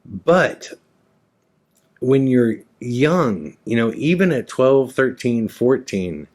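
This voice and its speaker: A man's voice: mid-range voice, lively intonation, takes it slowly, darkish tone. A man in his forties hosting a podcast, telling a candid personal story in a frank, rambling way and swearing freely. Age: 40s. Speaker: podcast host.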